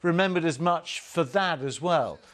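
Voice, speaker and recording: A man's voice: a little high, expressive, normal speed, fairly bright tone. A male news presenter asking questions with stammers and restarts. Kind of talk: news interview.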